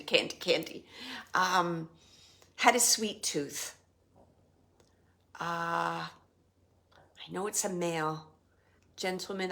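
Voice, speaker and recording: A woman working as a medium, giving a live spirit reading in a soft, halting voice that often drops to a whisper as she searches for words. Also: mid-range voice. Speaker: psychic medium.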